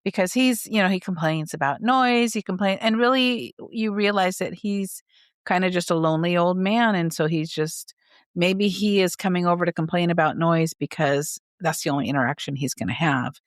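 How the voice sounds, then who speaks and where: A woman's voice: on the low side, moderate pace, dry recording, clean studio sound. A woman co-hosting a podcast, talking earnestly about a holiday movie's characters in a casual chat. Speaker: podcast co-host.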